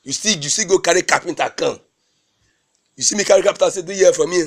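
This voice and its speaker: A man's voice: sits high, vocal fry. A man playing a mocking, exasperated husband. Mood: ranting. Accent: Warri Nigerian Pidgin. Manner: mocking, repeating phrases with drawn-out emphasis. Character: exasperated husband mocking his lazy wife. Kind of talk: comedy skit acting.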